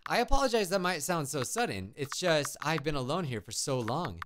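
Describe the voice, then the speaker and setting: A man reading the lines of a lonely, motherly woman witch who lives alone in the woods, in a soft and polite way. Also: fairly high pitch, sing-song, brisk, a little hiss or hum. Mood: wistful. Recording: game music behind.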